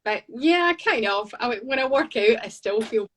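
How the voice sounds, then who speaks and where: A woman in her fifties with a softened Scottish accent, a guest artist telling her story in a chatty, laughing way over a video call from her studio. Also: on the high side, animated, measured pace. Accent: Scottish, slightly softened. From Scotland. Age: 50s. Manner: chatty, laughs between anecdotes. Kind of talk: casual storytelling chat. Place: home art studio.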